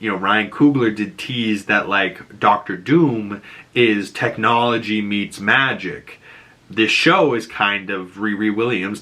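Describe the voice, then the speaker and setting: A man's voice: lowish voice, sharp tone. A man casually recapping and reacting to a TV episode in a chatty way, full of fillers and laughing at his own quotes. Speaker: reaction and breakdown host.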